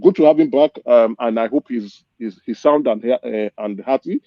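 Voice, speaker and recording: A man's voice: mid-range voice, normal speed, no echo, highs cut off. A man from southeast Nigeria, a panel guest giving impassioned political commentary, passionate and hesitant with many restarts.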